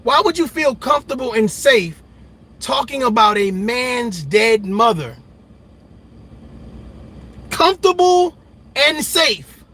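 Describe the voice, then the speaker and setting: A man rants on a livestream, preachy and repeating phrases for emphasis. His voice sits high and bright with a husky edge. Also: measured pace. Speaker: commentary host. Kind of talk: livestream commentary rant.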